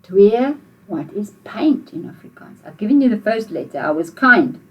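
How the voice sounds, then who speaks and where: A woman's voice: mid-range voice, big pitch swings, moderate pace, husky, dull audio. A woman with a South African accent teaching a video language lesson to children, patiently repeating phrases for learners to say back.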